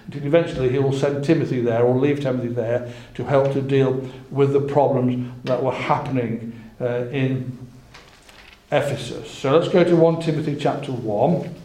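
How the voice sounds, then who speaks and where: A man giving a Bible talk, reading scripture slowly and with emphasis between halting, chatty asides. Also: mid-range voice, steady tone, dark tone, echoey room. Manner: halting, with repeated words. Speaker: preacher.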